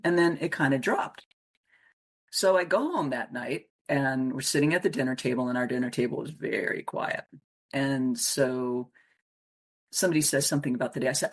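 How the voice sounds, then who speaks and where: Speaking with a slightly rough bass voice at normal speed, a middle-aged woman from Wisconsin, USA, works as a coach and is being interviewed. She tells stories from her own life in lively fashion, acting out each person's voice.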